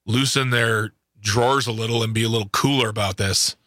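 A man co-hosting a talk radio show, playful and quick to laugh. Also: fairly low pitch, steady tone, pushed and bright, no room sound, studio quality. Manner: playful, laughs often, goofy. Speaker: radio co-host. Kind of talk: casual radio banter. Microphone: studio microphone.

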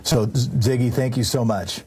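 A man hosts a call-in radio show, his voice a little husky. He speaks earnestly and leans into his points, often restarting a phrase to make it land. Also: medium pitch, fairly even intonation, moderate pace, a little mellow. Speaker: radio talk show host.

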